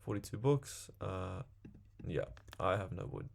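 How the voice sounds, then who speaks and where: A man's voice: low voice, lively intonation, measured pace, gravelly. A young man chatting to himself while playing a video game, rambling casually from one thing to the next. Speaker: gaming video creator. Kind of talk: casual gameplay commentary.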